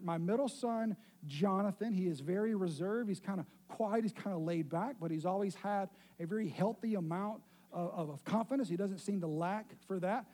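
Brief: middle-aged male pastor, high pitch, mellow tone, storytelling sermon with light humor. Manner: storytelling, self-deprecating humor.

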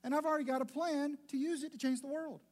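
A breezy, confident God speaks in easy slang, voiced by a man fired up and fatherly. The voice sits high and eager. It sounds like a friend hyping you up rather than thundering. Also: fairly even intonation, fast talker, a little mellow. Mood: rousing. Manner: chatty, hyped-up, colloquial.

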